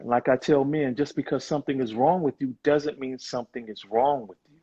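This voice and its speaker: Warm-toned and husky at a medium pitch, a man talks a little fast during a casual live video chat where he's the guest. Reflective and earnest, he fills his speech with fillers, and the audio is muffled and lo-fi.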